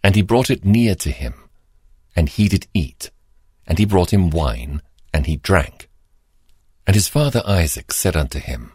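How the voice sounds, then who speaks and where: A man reading scripture aloud in a measured, formal cadence. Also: low-pitched, very animated, darkish tone, slightly rough, dry recording, clean studio sound. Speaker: scripture reader.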